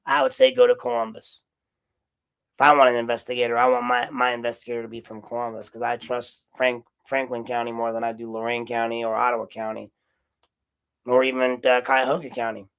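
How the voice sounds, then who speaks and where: A man's voice: mid-range voice, level tone, brisk, a bit bright, clean tone, rough recording. A man hosting a solo podcast monologue, rambling and sarcastic, with profanity and frequent self-corrections. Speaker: podcast host, investigative journalist.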